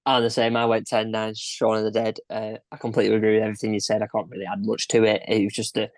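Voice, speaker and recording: A man's voice: lowish voice, monotone, fast, dry recording. A young man co-hosting a casual film podcast, laid-back and laughing often. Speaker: podcast co-host. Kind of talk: casual film-review chat.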